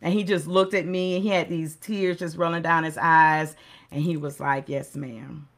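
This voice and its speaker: A woman's voice: on the low side, fairly even intonation, normal speed, fairly bright tone. A middle-aged woman hosting a motivational segment, speaking earnestly in a preacherly way and repeating key phrases for emphasis. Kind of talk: motivational talk.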